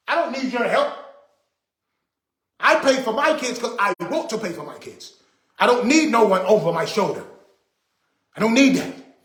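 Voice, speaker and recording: A man's voice: very high-pitched, lively intonation, moderate pace, a bit bright, reverberant. A man hosting a casual livestream, talking to viewers in an emphatic, repetitive, indignant way. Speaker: livestream host.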